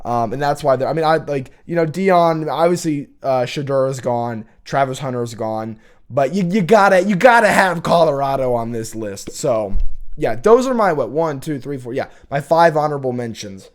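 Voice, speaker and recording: A man's voice: medium pitch, animated, normal speed. A young man hosting a college football show, talking in a casual, opinionated, rambling rant with many restarts.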